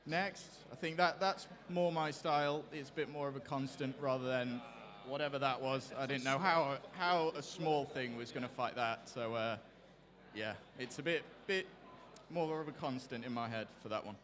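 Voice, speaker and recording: Casual, hesitant male competitor, mid-pitched voice, reverberant hall. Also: normal speed, fairly bright tone. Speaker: robot driver. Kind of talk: post-fight interview.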